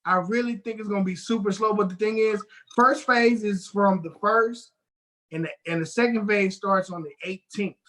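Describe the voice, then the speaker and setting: A man co-hosting a podcast in a casual chat, blunt, teasing and quick to swear. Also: high voice, a bit bright, low-quality recording. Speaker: podcast co-host.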